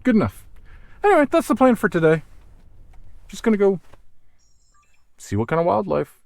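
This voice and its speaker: A man's voice: high-pitched, big pitch swings, moderate pace, vocal fry, darkish tone, no echo. Chatty man rambling in a vlog. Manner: chatty, self-interrupting, thinks aloud. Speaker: wildlife cameraman vlogger. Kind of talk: casual rambling vlog monologue. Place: in a car, then outdoors in a cold parking lot.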